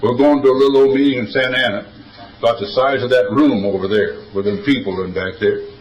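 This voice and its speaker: Old guy cracking jokes telling his story at a meeting, mid pitch, echoey room. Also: quick pace, recorded from a distance, lo-fi sound. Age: older. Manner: folksy, wisecracking, drawling storyteller. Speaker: recovery meeting speaker. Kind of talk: storytelling talk at a recovery meeting.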